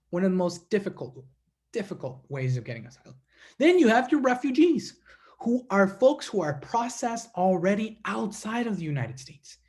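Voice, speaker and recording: A man giving a speech to a congregation as a guest speaker, telling stories in an animated way and calling the audience his friends. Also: high-pitched.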